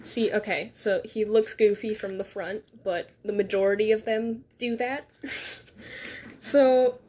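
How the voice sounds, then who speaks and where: A woman's voice: medium pitch, fairly even intonation, measured pace, mellow. Giggly woman chatting on a livestream. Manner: rambling, giggly, self-deprecating. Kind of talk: casual livestream chat. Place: her bedroom, on a beanbag chair. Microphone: phone on a tripod.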